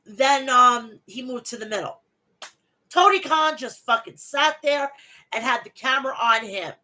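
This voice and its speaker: A woman's voice: high-pitched, bright, forceful tone, poor audio. A woman hosting her own wrestling review show, ranting heatedly and bluntly with plenty of swearing. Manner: reads event recap aloud. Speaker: wrestling podcast host.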